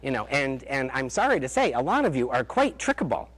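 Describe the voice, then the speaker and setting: A man's voice: medium pitch, sing-song, brisk, fairly bright tone. A man, a family therapist, giving a parenting talk with stories, chatty and sarcastic, full of "like" and "um" fillers. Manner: chatty storytelling, frequent "like" and "um" fillers; dry, sarcastic humor. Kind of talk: lecture with anecdotes.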